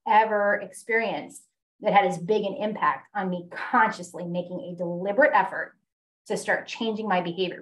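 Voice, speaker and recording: Woman guest, candid and self-mocking, talks in quick bursts. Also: mid-range voice, rough recording. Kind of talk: casual conversation.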